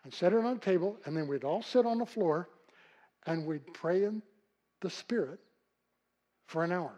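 An older pastor with a husky, high-pitched, animated voice preaches a sermon at a moderate pace, telling folksy stories. He swings from loud calls to hushed, quiet passages. The recording is rough.

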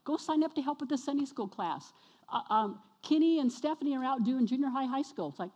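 A woman preaching a sermon to her congregation, energetic and exhorting, often questioning the listeners. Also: high-pitched, brisk. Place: church sanctuary. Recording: long reverb of a church hall.

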